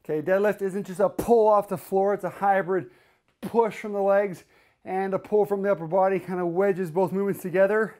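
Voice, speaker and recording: A man's voice: high-pitched, steady tone, fairly quick, warm tone. A man leading a home workout as a fitness coach, giving coaching cues and counting reps while he does the exercises himself, getting out of breath during the sets.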